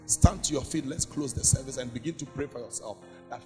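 A man's voice: medium pitch, brisk, darkish tone, soft background music. A man, a pastor, preaching a sermon in an emphatic, repetitive way that swells into chanted prayer. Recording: long hall reverb.

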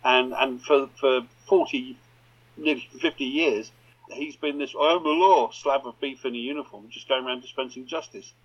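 A man's voice: medium pitch, fairly even intonation, normal speed. A man co-hosting a podcast, chatting casually with reflective asides. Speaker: podcast co-host. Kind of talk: casual chat. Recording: dull lo-fi sound.

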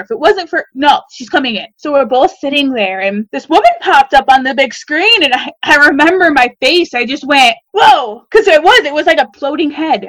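A woman telling an emotional personal story, acting out the dialogue with sudden leaps in pitch. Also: a bit bright, no echo. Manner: acts out quoted dialogue with sudden jumps in pitch.

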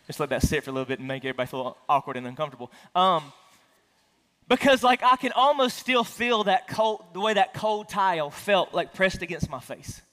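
High-voiced male pastor in a reverberant church. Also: sing-song, fairly quick, fairly bright tone. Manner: casual storytelling with self-deprecating humor. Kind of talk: conversational sermon. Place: church sanctuary. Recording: long hall reverb.

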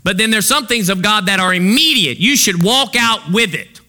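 A male pastor delivers a sermon in a high, strikingly bright voice. He preaches by posing fill-in-the-blank questions to his congregation. His delivery stays sharp and forward throughout. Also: lively intonation, normal speed.

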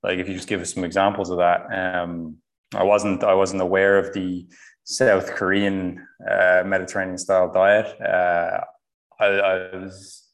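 A man hosting a casual interview, asking relaxed, rambling questions. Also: low-pitched, measured pace, rough recording. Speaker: podcast host.

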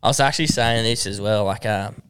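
Smooth-voiced laid-back Australian man. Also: fairly low pitch, fairly quick, a bit bright. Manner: laid-back, sweary, laughs easily. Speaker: podcast co-host. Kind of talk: casual chat.

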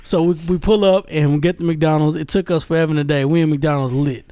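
Man, high voice, dry close sound, laughing storyteller, repeats phrases. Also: fairly even intonation, fast, warm tone, smooth, no echo. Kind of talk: casual storytelling chat.

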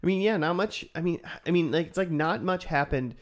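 A man's voice: on the high side, a little fast. A young man co-hosting a podcast in casual chat, rambling with many fillers and restarts. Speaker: podcast co-host.

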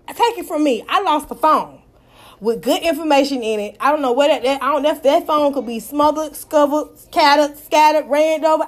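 High-voiced woman telling a story. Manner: animated, profane, exclaiming praise. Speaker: vlogger. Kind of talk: casual storytime monologue.

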